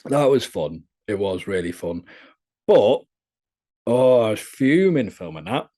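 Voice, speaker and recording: An unhurried, warm, slightly low voice with a sing-song lilt belongs to a young British man. He's an adult content creator chatting candidly in a laid-back podcast interview, telling crude stories with bawdy humour.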